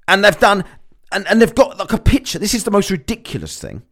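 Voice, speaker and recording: A man rants straight at his audience, sarcastic and mocking, with swearing scattered all through. His voice sits a bit high for a man and swoops widely up and down as he scoffs. The delivery is a loose, running monologue of complaints. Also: very animated, moderate pace, vocal fry. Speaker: vlogger. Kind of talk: ranting monologue.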